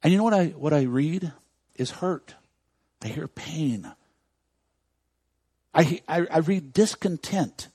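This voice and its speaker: A man preaching a sermon as a pastor, moving from quiet, close talk to loud, shouted preaching. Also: fairly high pitch, lively intonation, slow, pauses often, husky, no echo. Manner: swings from hushed intimacy to loud shouting preaching. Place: church.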